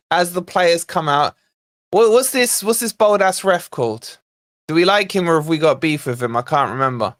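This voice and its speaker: A man's voice: high-pitched, moderate pace, a bit bright, no echo, clean studio sound. A man hosting a football watch-along stream, chatting, joking and mildly swearing to viewers. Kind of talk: casual live-stream chat and commentary.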